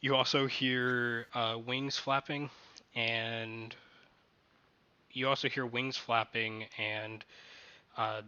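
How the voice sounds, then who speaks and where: A man running a tabletop game playtest as game master, narrating haltingly and often restarting his sentences. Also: medium pitch, flat delivery, sharp tone, clear, resonant tone, dry recording, highs cut off.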